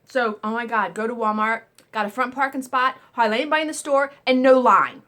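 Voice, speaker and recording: A woman hosting a casual storytelling vlog, animated and exclamatory, swearing now and then while she eats. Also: a little high, brisk. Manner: eating while talking. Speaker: vlog host.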